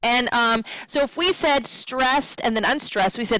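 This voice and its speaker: A woman's voice: on the high side, lively intonation, moderate pace, bright, forceful tone, no echo, poor audio. A woman teaching a poetry lesson, patiently counting syllables aloud and checking in with her students.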